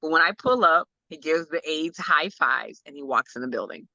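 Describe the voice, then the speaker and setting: A woman's voice: deep voice, lively intonation, normal speed, sharp tone, dry recording, lo-fi sound. A woman telling an emotional personal story as a guest parent, acting out quotes and laughing often. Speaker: guest, parent of an autistic son.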